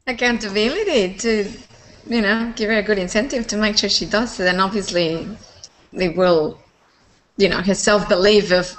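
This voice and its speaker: A woman's voice: mid-range voice, moderate pace, fairly bright tone, poor audio. A woman taking part in a live seminar, answering a question enthusiastically and acting out the voices in her head. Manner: enthusiastic, acts out inner voices. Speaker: seminar participant. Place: seminar room.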